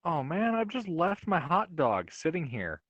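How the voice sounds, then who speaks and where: A man running a tabletop game as game master, relaxed and joking, thinking aloud as he talks. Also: on the high side, measured pace, dull audio.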